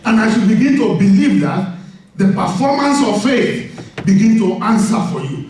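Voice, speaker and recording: A high-pitched man preaches with animated energy, laughing often and calling out for responses from the congregation. His voice sounds set back from the mic, ringing through a very echoey church hall. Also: normal speed, recorded from a distance, slight background noise. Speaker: pastor. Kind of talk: sermon.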